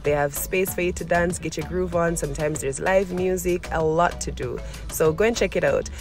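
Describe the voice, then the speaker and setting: A woman's voice: fairly low pitch, normal speed, faint music behind. A Jamaican woman hosting a family vlog, talking in a chatty, upbeat way and laughing easily. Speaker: vlog host. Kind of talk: casual vlog narration.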